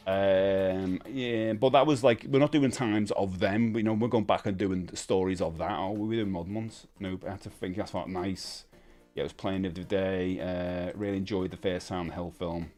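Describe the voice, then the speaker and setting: A man's voice: low-pitched, steady tone, normal speed, a little mellow, faint music behind. A man from the UK hosting a casual live stream, chatting loosely and reading out viewer comments, laughing often. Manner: chatty, laughs often, many fillers and restarts. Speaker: livestream host.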